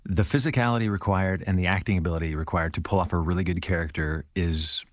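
A man's voice: sits low, steady tone, fast, no room sound, studio quality. A man who is a creature suit actor, talking easygoingly in a casual interview.

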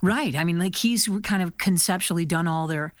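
A woman's voice: on the low side, moderate pace, no echo, clean studio sound. A woman hosting an interview, asking chatty, curious questions. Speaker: host. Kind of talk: casual interview.

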